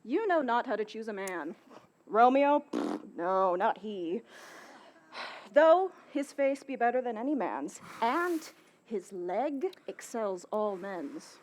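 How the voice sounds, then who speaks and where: A woman's voice: fairly high pitch, sing-song, slow pace. A woman playing a fussy, groaning old nurse. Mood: teasing. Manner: theatrical, exclamatory, full of groans and sighs. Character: fussy older female nurse, bawdy, complaining. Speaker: stage actor. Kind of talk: outdoor Shakespeare stage performance.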